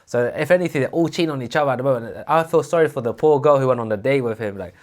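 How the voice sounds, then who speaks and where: A man co-hosting a podcast, telling a story in a casual, animated way and acting out the people in it. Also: medium pitch, rapid-fire. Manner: animated, acts out voices in his story. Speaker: podcast co-host.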